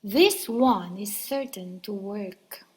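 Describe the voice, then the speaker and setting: A woman's voice: mid-range voice, slow, darkish tone, slightly rough. A woman voicing a greedy, scheming male crocodile who mutters his plans in a whisper for a storybook reading.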